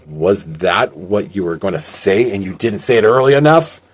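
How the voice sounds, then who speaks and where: A man's voice: lowish voice, animated, normal speed, slightly rough. A man voicing an impatient, grumpy male crime boss who talks in a curt, irritated way.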